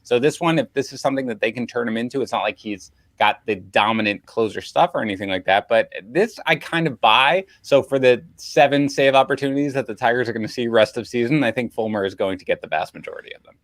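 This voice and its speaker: A man's voice: mid-range voice, fast talker, few pauses, fairly bright tone, no room sound. A male podcast co-host with a mid-range voice, talking through fantasy baseball picks. He is chatty and analytical, and the recording is close and dry with no room sound. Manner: chatty, analytical, gets fired up. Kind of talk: casual fantasy baseball talk.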